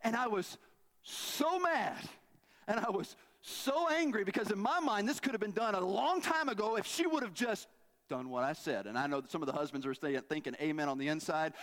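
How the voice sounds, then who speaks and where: A middle-aged man, preaching a sermon in a conversational, animated storytelling way and asking the congregation questions. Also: high voice. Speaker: pastor.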